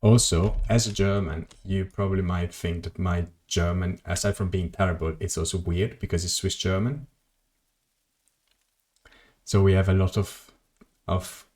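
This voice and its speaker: A man's voice: low voice, normal speed, darkish tone. A man streaming a video game, rambling casually to his chat and swearing at mishaps. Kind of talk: casual gameplay commentary.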